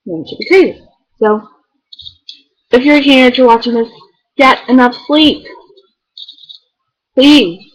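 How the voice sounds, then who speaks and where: A woman's voice: sits high, slow pace, pauses often, poor audio. A teenage girl chatting casually to the camera, rambling and filling her talk with "like". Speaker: beauty vlogger. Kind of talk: casual chat.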